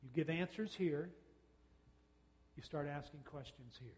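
Man, parenting talk, slightly high voice, long hall reverb, folksy, acted-out dialogue. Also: darkish tone. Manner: folksy, uses quoted dialogue and quick mock exchanges. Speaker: speaker on parenting, radio host and counselor.

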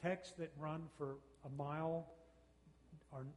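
A man's voice: on the high side, fairly even intonation, a little mellow. Man speaking in a reverberant hall. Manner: folksy, uses quoted dialogue and quick mock exchanges. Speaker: speaker on parenting, radio host and counselor. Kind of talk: talk to an audience on parenting.

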